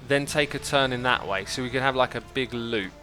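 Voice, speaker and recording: Bright-voiced man chatting on a livestream. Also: medium pitch, a little fast, soft background music. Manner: chatty, thinks aloud, reads out chat messages. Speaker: livestream host. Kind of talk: casual chat while playing a building game.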